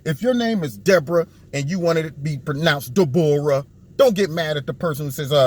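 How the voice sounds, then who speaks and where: A man's voice: fairly quick, darkish tone. A man giving sarcastic political commentary on a video, mocking the people he talks about. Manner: mocking, acts out what others think in a low put-on voice.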